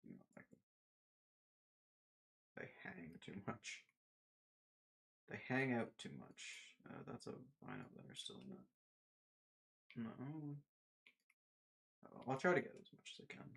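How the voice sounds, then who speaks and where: Man, casual gameplay commentary, playful, rambling, silly put-on voices, very lively pitch. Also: takes it slowly, gravelly, pauses often, breathy edge. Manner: talks to himself and the game while building. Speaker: streamer playing a block-building game.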